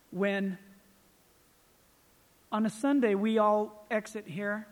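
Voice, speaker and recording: A man preaching a sermon as pastor, animated and acting out little scenes. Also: sits high, takes it slowly, in a large hall.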